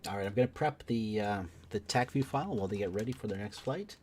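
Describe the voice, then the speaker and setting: Lively, low-voiced man calling a live stream. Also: quick pace, music in the background. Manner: upbeat, joking banter. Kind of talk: live play-by-play commentary.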